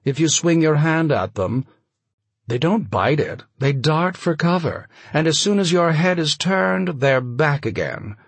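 A man's voice: on the high side, animated, a little slow, gravelly, breathy edge, no echo, voice pushed up, full character voice. A man voicing an affected, sardonic older male novelist with a mid-Atlantic accent and an arch, drawling delivery.

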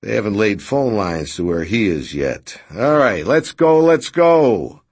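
A man voicing a brash, rough-talking man who speaks bluntly and loudly. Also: low-pitched, very animated, measured pace, full character voice. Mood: boisterous. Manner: loud, brusque, boisterous.

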